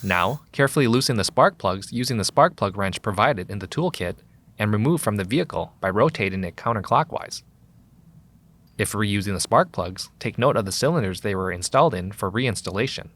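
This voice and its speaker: A man giving calm, even, scripted instructional narration as a voice-over for a vehicle maintenance video. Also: on the low side, brisk.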